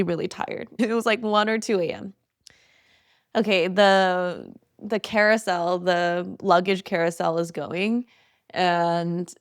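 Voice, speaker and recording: A young woman hosting a podcast, telling a travel story in a chatty, animated way with many fillers. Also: mid-range voice, clean tone, no echo, clean studio sound. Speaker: podcast host. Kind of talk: casual storytelling monologue.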